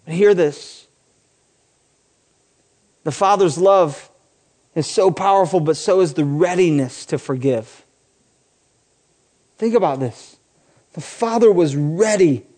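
A man's voice: a little high, slow, pauses often, darkish tone. A man in his forties, a pastor preaching a sermon with passion, building to emphatic peaks and breaking off into playful asides.

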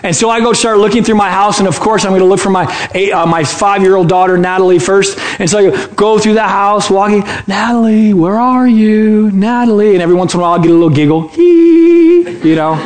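A man's voice: high voice, fairly even intonation, fast talker, hardly any pauses, reverberant. A man from Michigan preaching a sermon in a church sanctuary, playful and chatty, teasing the congregation. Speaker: pastor.

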